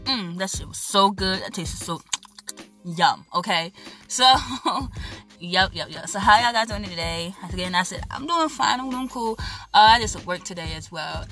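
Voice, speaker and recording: Loud, bright-voiced young woman podcaster. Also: lowish voice, measured pace, soft background music. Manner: loud, hyper and playful, swears and rambles. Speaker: podcast host. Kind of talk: casual podcast rant on a live stream. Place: at home.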